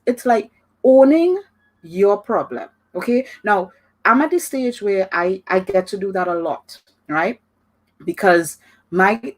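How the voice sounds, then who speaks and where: A woman and digital marketing consultant giving a motivational talk to camera, chatty and animated, often checking in with the listener. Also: medium pitch, poor audio. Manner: chatty, keeps checking in with "all right?" and "right?".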